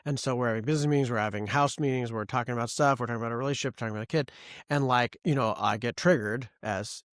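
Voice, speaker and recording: A man's voice: mid-range voice, rapid-fire, a bit bright, no echo, clean studio sound. A man hosting a podcast, talking candidly and reflectively about himself, rambling a little with restarts. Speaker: podcast host. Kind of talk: casual interview talk.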